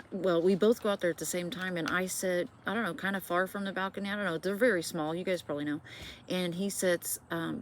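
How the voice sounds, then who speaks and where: A woman's voice: lowish voice, slight background noise. A middle-aged woman from Indiana, telling a personal ghost story to viewers in a chatty, swearing way with many fillers. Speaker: vlogger. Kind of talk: casual storytelling.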